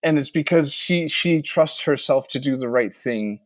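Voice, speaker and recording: In a close, dry recording with no room sound, a middle-pitched man co-hosts a casual podcast chat at normal speed. He's relaxed and rambling, frequently restarting and correcting his sentences, and closes with offhand plugs.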